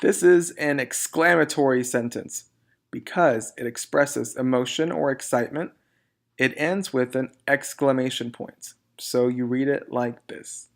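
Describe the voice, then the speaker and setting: A male teacher walks students through a recorded grammar lesson. He speaks slowly and clearly in a mid-pitched voice, reading each example sentence aloud.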